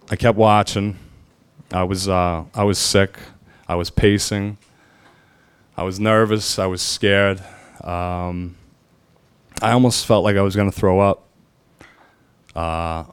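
Deep-voiced New man, halting. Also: smooth, dry recording. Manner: halting, emotional, many pauses and fillers. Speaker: firefighter telling a personal story. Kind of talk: personal storytelling.

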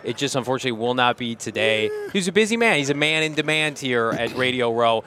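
A man's voice: mid-range voice, expressive, fast talker, bright, forceful tone, a little hiss or hum. Brief: male co-host, dry wit, casual show chat. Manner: dry, wisecracking. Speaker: podcast co-host. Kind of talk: casual sports podcast chat.

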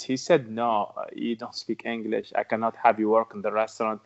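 A man's voice: on the low side, level tone, normal speed, hardly any pauses. Arabic-accented guy telling his story, broken english, keeps repeating himself, kinda dull lo-fi sound. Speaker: podcast guest. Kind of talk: interview storytelling.

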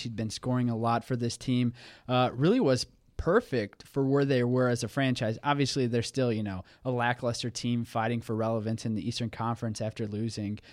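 A man's voice: mid-range voice, a little mellow, no room sound, studio quality. A young man co-hosting a sports podcast, easygoing and teasing, with lots of restarts. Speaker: podcast co-host. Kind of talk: casual sports chat.

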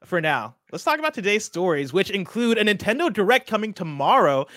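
A man in his late twenties co-hosting a casual video game news show, with energetic, laughing banter. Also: sits high, brisk, no room sound, clean studio sound. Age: late 20s. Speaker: co-host. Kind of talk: casual chat.

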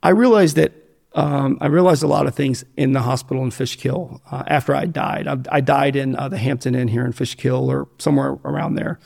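Gravelly, blunt American man telling his story. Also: medium pitch, fairly even intonation, a little fast, darkish tone. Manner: blunt, profane, rambling with many fillers and restarts. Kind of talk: candid storytelling interview.

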